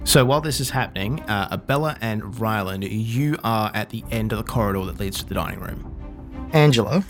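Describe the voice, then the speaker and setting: A man narrating a tabletop game as game master, relaxed, with quick asides. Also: fairly low pitch, soft background music.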